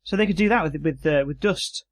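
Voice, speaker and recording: Higher-voiced man in casual podcast chat. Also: a little fast. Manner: jokey, reads text aloud in a plain voice. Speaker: podcast co-host.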